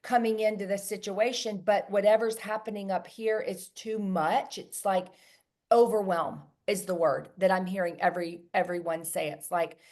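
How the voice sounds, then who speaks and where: A woman hosts a coaching conversation in a voice of ordinary pitch. She talks emphatically and comes back to her key words again and again. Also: fairly even intonation, moderate pace, darkish tone. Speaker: host. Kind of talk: coaching talk on feelings.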